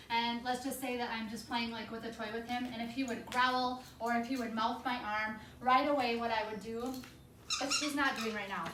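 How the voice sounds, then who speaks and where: A woman dog trainer with a fairly high voice walks through a hands-on demonstration step by step and breaks off for firm, clipped commands to the dog. The room rings with echo, and a faint hum of ambience sits underneath. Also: a bit bright.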